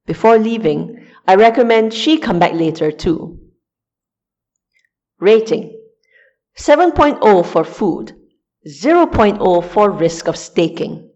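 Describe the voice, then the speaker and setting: A woman's voice: medium pitch, animated, takes it slowly, pauses often, darkish tone, dull audio. A woman reading a first-person story aloud in a dry, wry food-diary manner. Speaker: story reader. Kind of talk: scripted first-person narration.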